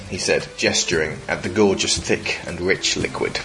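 A man reading his own comic short story aloud in a dry, deadpan way on a podcast. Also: sits low, normal speed, poor audio.

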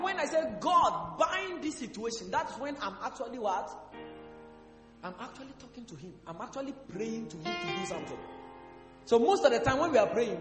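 A male pastor preaching a sermon, asking the congregation questions and breaking into sudden shouts. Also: very high-pitched. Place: church hall. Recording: echoey hall with faint music.

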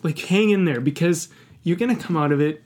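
A man's voice: a little high, a little fast, darkish tone. A man talking candidly in a podcast conversation, passionate and emphatic, swearing often and reflecting earnestly on his own past.

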